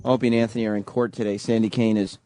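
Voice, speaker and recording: A man's voice: lowish voice, flat delivery, very fast, mellow, no room sound. A man co-hosting a morning radio show, in loose, crude banter, laughing often. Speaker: radio co-host. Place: radio studio.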